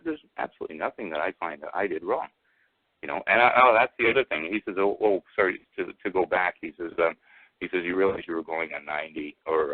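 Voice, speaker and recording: Male caller, very low husky voice over a tinny phone line; halting, rambling storyteller who quotes both sides. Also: no echo. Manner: rambling, halting, full of fillers and restarts; retells exchanges by quoting both sides. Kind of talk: casual storytelling on a call-in show.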